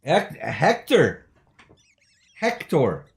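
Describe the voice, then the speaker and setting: A male talk show host who plays everything up like a grand announcer. His pitch leaps and dips with every phrase, and his comic bits come out loud and showy. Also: huge pitch swings, extremely slow, vocal fry. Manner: theatrical, exaggerated announcer delivery. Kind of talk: comedic call-in show.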